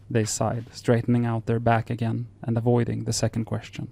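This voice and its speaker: A man narrating horror fiction in a slow, measured, solemn delivery. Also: mid-range voice, completely flat delivery, gravelly, dark tone.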